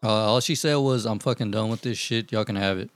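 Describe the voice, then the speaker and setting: A man telling profane, animated stories in casual chat with friends, acting out what people said. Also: on the low side, fairly quick. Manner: profane, animated storytelling, acts out quotes. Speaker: storyteller among friends.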